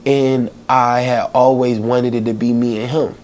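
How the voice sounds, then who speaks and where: A man hosting a podcast, telling a heartfelt personal story in a halting way, with many pauses and fillers, holding back tears. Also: medium pitch, level tone, a little mellow, slight background noise. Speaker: podcast host.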